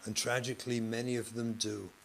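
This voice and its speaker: A man, a rabbi and therapist, giving a passionate lecture to educators, moving from loud emphasis to hushed speech. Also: medium pitch, level tone, fairly quick, vocal fry, a little hiss or hum, poor audio. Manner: passionate, acts out classroom scenes, swings between loud and hushed.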